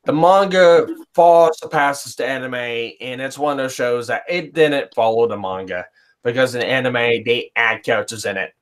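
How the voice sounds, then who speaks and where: A man's voice: mid-range voice, moderate pace. A man hosting a casual chat, rambling and blunt with heavy swearing. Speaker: podcast host. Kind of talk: casual chat reviewing anime.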